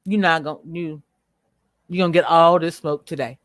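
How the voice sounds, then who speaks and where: A woman hosting a livestream, speaking bluntly and with profanity as she rants at viewers, slowing down to stress her words. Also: sits low, steady tone, dry recording, clean studio sound. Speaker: livestream host. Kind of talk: unscripted livestream commentary.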